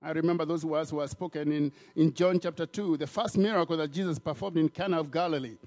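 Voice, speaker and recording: A man from Africa delivers a sermon with a slightly raised pitch. He restarts and repeats phrases as he builds his point and slips into little acted voices for the people he quotes. Soft music plays faintly beneath him. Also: fairly even intonation, fast. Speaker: preacher.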